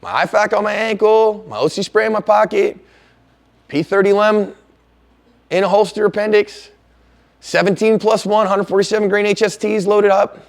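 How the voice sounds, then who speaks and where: A man's voice: high-pitched, creaky. A middle-aged man teaching a self-defense class, telling stories and acting out the lines of the people in them. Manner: animated storyteller, acting out quoted lines loudly.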